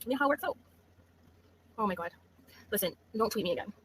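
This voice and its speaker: A woman's voice: mid-range voice, animated, quick pace, fairly bright tone, slight background noise. A woman hosting a gossip livestream, talking casually and mockingly with laughs. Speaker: livestream host.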